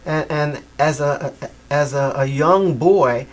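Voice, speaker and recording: A man's voice: fairly high pitch, slow. A middle-aged man, a musician guest, telling stories animatedly in a casual interview, with frequent restarts.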